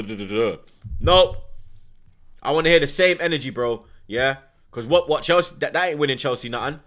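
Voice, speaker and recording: A young man reacts live to a football match as the host of a watchalong. He talks in a slangy, animated rant, getting loud when he is indignant and dropping to muttering in between. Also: on the high side. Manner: animated, ranting, London slang.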